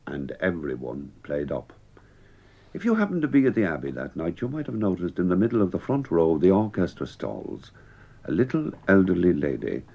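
A man's voice: low voice, a little mellow. A man, a former actor, telling a wry, dramatic story about his theatre days in an old archive recording. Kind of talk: archival spoken memoir. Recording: muffled archival broadcast.

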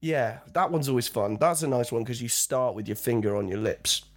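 Guy, mid-pitched, chatty, laughs a lot through his anecdotes. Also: fairly quick. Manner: chatty, laughs often while telling stories. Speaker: guest actor. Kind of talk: casual chat.

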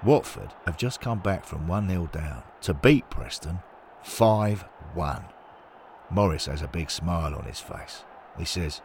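Man, narrator, deep voice, lively intonation, measured scripted storytelling. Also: a little hiss or hum.

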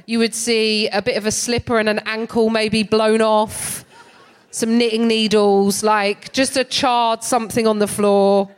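A woman in middle age doing stand-up on a big theatre stage. Her delivery is sardonic and lively, and she laughs between lines as she tells her story into a stage microphone. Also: a little high, unhurried, clean tone. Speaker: comedian.

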